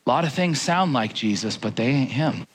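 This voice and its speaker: A male preacher giving a sermon in a conversational, animated way, talking straight to his listeners. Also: medium pitch, normal speed, breathy edge. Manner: animated, conversational, direct address.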